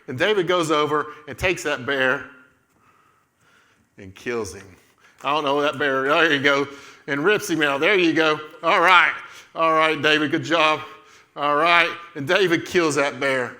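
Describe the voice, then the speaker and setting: Male children's leader, slow and playful, coaching young actors through a Bible skit. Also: fairly high pitch, lively intonation, bright, forceful tone. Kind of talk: playful Bible storytelling with kids acting.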